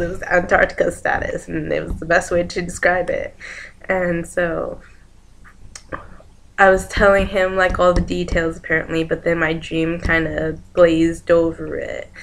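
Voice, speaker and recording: A young woman talks through a dream she had in a loose, rambling vlog style, stringing events together with "and then" and jumping into the voices of the people in it. Her voice sits a little low for a woman. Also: fairly bright tone. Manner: rambling, chains events with "and then", acts out quoted lines. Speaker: vlogger. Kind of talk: casual dream retelling.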